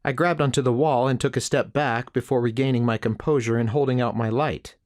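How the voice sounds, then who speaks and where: A man's mid-range voice carries a first-person audiobook narration. He reads steadily and with measured care.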